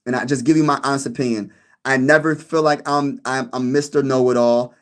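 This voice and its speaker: A man's voice: medium pitch, fairly even intonation, brisk, a bit bright. A man hosting his own sports channel, talking casually to his viewers, repeating himself and laughing at his own jokes. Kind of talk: casual sports vlog chat.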